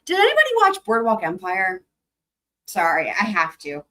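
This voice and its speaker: Animated, rambling woman chatting with her viewers. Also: mid-range voice, moderate pace. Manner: animated, rambling, swears freely, laughs often. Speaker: livestream host. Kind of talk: casual livestream chat with viewers.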